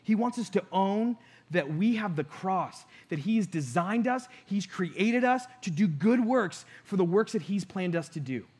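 A middle-aged pastor with a high, light voice delivers a sermon. He tells a personal story in an earnest way and plays out both sides of his talks with God. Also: animated, measured pace, a little mellow, slightly rough.

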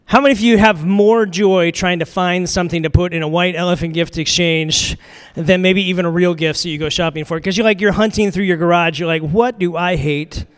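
A man preaching a conversational sermon, asking his listeners questions and swinging from loud, lively storytelling to hushed reflection. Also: high-pitched, brisk, smooth. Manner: chatty, asks the audience questions, drifts from loud to hushed. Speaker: pastor.

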